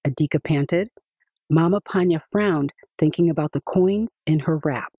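A woman reading a children's picture book aloud in an expressive storytelling voice. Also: low voice, moderate pace, slightly rough, no echo, studio quality.

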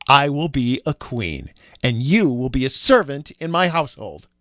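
A man's voice: medium pitch, sing-song, moderate pace, fairly bright tone, dry recording, clean studio sound. A man reading a storybook aloud, voicing a proud, bad-tempered young woman with a haughty, scolding manner. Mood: spiteful.

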